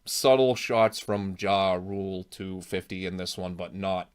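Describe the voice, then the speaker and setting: A man's voice: low-pitched, measured pace, clean tone. A man hosting a casual reaction video, chatting at length and explaining music history. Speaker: host.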